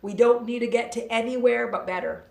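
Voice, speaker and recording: A woman's voice: a little high, fairly even intonation, a little fast, vocal fry, a little mellow. A woman hosting a casual livestream, laughing often and reading out viewer comments. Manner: chatty, laughing, reads viewer comments aloud. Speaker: livestream host. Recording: echoey room, distant mic.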